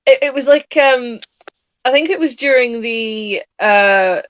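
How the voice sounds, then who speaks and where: A woman's voice: fairly high pitch, measured pace, clean tone, muffled recording. A woman in her late twenties co-hosting a casual chat, sleep-deprived, rambling and laughing often. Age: late 20s. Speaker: podcast co-host.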